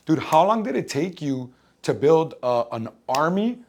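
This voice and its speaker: A man's voice: on the high side, big pitch swings, measured pace, a little mellow, a little hiss or hum. A man hosting a podcast, chatting casually with his guest in slangy, affirming talk. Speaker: podcast host. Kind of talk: casual interview chat.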